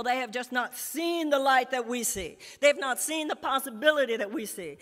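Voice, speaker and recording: A woman's voice: on the high side, a bit bright. A woman giving an impassioned, rousing speech at a conference, with emphatic repetition of phrases. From United States. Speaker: conference speaker. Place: large conference hall. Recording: echoey hall reverb.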